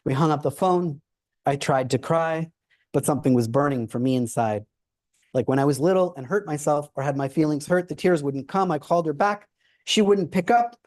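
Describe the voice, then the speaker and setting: A Russian woman journalist with a Russian accent, reading her memoir aloud in a measured, sober way. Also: low-pitched, darkish tone. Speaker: author and journalist.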